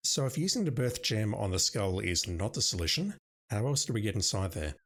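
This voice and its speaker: A man's voice: lowish voice, sing-song, brisk, a bit bright. Man musing through an adventure game. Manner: thinking aloud, wry asides. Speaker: let's-play gamer. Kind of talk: casual gameplay commentary.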